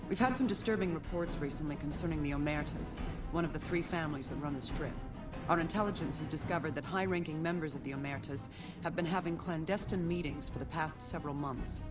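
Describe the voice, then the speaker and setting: A woman's voice: low-pitched, natural voice. An actress playing a stern female colonel giving clipped, commanding orders in a video game. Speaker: game character. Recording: game audio with loud music.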